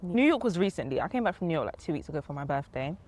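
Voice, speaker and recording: A young woman of Ghanaian family, a podcast guest in casual chat, talking reflectively and pausing to search for words. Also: deep voice, sing-song, a little mellow.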